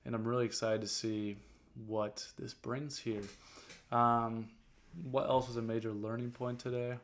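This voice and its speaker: A man's voice: medium pitch, flat delivery, a little slow. A young man, a detailing business owner talking casually to camera, rambling with many fillers as he coaches viewers. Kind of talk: casual vlog talk.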